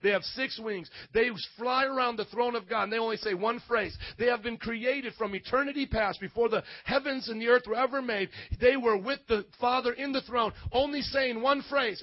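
A man preaching a sermon in church, fervent and calling out to the congregation, at times rising to shouts. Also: extremely high pitch, moderate pace, hardly any pauses, no echo, muffled recording.

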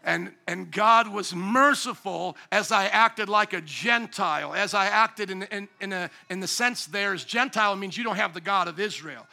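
Bright, high-voiced man in his forties preaching. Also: normal speed, gravelly, few pauses. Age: 40s. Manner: animated preaching, bursts of loud emphasis. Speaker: pastor. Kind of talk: sermon.

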